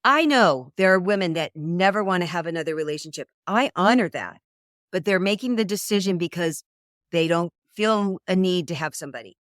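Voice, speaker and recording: A middle-aged woman talking as a dating coach in an interview, an animated storyteller who acts out quoted voices. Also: on the low side, a little fast, dry recording, clean studio sound. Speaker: dating coach, podcast guest. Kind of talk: conversational interview.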